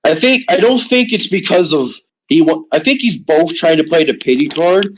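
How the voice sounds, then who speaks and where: Rambling higher-voiced man hosting a chat. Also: expressive, normal speed, poor audio. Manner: rambling, restarts and hedges, leads the talk. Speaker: podcast host. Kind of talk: casual online chat.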